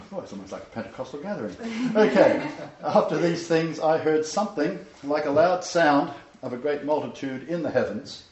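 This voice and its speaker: A man leads a Bible study in a loose, chatty sermon style, with a fairly high voice. He stresses his points hard, laughs often and fills pauses with ums. The recording is roomy and a little dull. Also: animated, a little mellow. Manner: chatty and emphatic, laughs often, many fillers. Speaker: pastor leading a Bible study. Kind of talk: casual teaching sermon.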